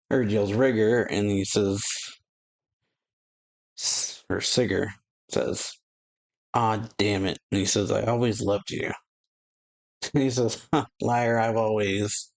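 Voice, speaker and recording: A man hosting an anime reaction channel, casually recapping a manga chapter, rambling with many fillers and reading the characters' lines in a flat voice. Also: fairly low pitch, vocal fry.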